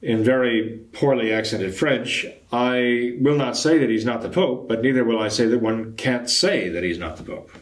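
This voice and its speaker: An older man, a traditionalist Catholic priest, answering a viewer's question in a measured, explanatory way with frequent hesitations. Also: medium pitch. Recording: echoey room.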